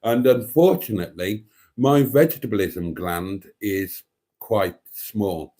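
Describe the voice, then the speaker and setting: A man hosting a live stream in a deadpan, mock-pompous way, rambling with many fillers as he reads out viewer comments. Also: on the low side, takes it slowly.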